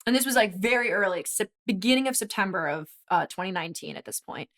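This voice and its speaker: A woman in her twenties, a guest and former college swimmer, telling a story in animated casual conversation with quick asides. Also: mid-range voice. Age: 20s.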